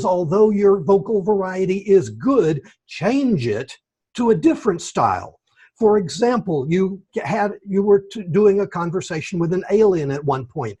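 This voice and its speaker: Husky high-voiced man giving speech feedback. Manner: warm encouraging feedback, slow deliberate phrasing. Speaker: speech evaluator. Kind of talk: online club speech evaluation. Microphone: computer mic on video call.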